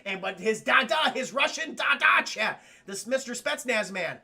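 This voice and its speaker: A man streaming a spoiler-heavy film recap to his live chat, excitable and profane, laughing often and acting out the characters' lines. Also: very high-pitched, normal speed, creaky, slightly rough, soft background music. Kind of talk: animated spoiler recap with quoted character voices.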